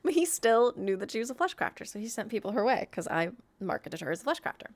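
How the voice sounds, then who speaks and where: A woman's voice: on the high side, very animated, quick pace. A woman admin leading a roleplay workshop, talking in a chatty, rambling way with lots of fillers and frequent small laughs. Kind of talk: casual instructional talk.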